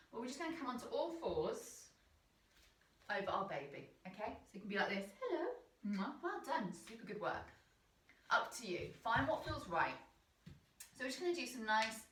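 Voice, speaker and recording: Woman, yoga instructor, gentle encouraging breath cues, distant mic. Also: mid-range voice, a little hiss or hum. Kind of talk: guided yoga class instruction. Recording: roomy sound from a distant mic.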